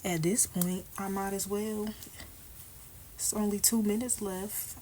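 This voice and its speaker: A woman's voice: medium pitch, steady tone, slow, mellow, slight background noise, low-quality recording. A woman vlogger chatting casually and candidly while she does her hair, often dropping into a half-whisper. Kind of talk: casual chat.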